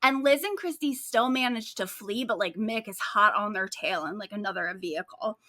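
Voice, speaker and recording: A woman's voice: mid-range voice, moderate pace, dry recording, clean studio sound. A woman co-hosting a true-crime podcast, retelling the story in a casual, sarcastic way, full of "like"s. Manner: animated, sarcastic storytelling with frequent likes. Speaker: podcast co-host.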